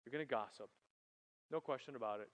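A man preaching a sermon to young people, animated, swinging from loud emphasis to quiet asides. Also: mid-range voice, fast talker. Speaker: youth pastor. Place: church hall. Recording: long hall reverb.

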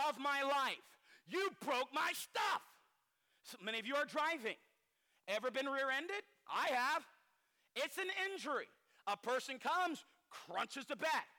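Guy preaching, super high bright voice, acts out people and shouts, big hall echo. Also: takes it slowly. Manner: animated, acts out quoted people, shouts for emphasis. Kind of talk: sermon. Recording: long hall reverb.

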